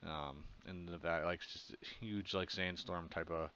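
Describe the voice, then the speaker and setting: A man's voice: low-pitched, fairly even intonation, measured pace, pushed and bright, slight background noise. A man from Pennsylvania casually tells a childhood story in a rambling way, full of fillers. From Pennsylvania, USA. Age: adult. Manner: rambling, filler-heavy, laughs at his own story. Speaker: comic artist vlogger. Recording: slightly dull, muffled audio.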